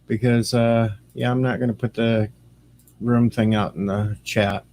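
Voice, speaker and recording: Mellow-voiced man rambling on a livestream. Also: mid-range voice, flat delivery, a little slow. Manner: rambling, greets viewers by name. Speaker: streamer and radio host. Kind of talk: casual livestream chat.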